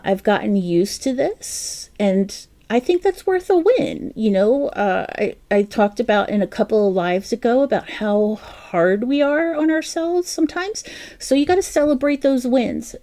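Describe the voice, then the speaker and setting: A woman from New Jersey with a South Jersey accent, hosting a relaxed livestream and chatting with her viewers. She talks at an unhurried pace in a warm, mellow voice, laughing easily and poking fun at herself. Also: fairly high pitch. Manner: chatty and self-deprecating, laughs often, talks to chat viewers by name. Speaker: crochet livestream host. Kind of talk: casual live-stream chat.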